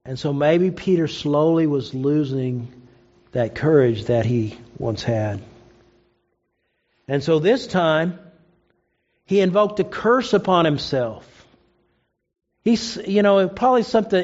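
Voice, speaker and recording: A man's voice: animated, takes it slowly, a little mellow, lo-fi sound. A man preaching a sermon, retelling a story and acting out the quoted lines. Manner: storytelling, acts out quoted lines with rising pitch.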